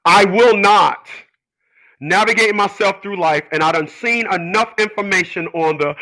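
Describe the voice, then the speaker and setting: A man's voice: high voice, normal speed, bright, forceful tone, rough recording. A man hosting his own show, talking in an emphatic, rambling monologue full of repetitions and stammered restarts. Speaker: radio show host. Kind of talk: casual monologue.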